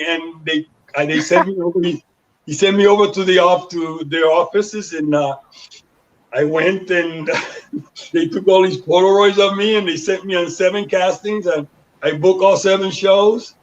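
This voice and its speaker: A man's voice: high-pitched, steady tone, normal speed. A man in his sixties from Panama, a guest telling his life story in an interview and acting out the voices of the people in it. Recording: dull lo-fi sound.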